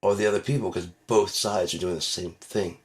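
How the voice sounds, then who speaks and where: A man's voice: deep voice, fairly even intonation, a little fast. A man hosting his own channel, delivering a profane, heated, mocking rant. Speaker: channel host. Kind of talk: ranting monologue.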